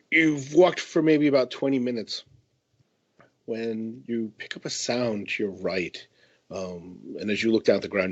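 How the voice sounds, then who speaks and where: Brief: male game master, halting descriptive narration, dull call sound. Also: on the low side, husky.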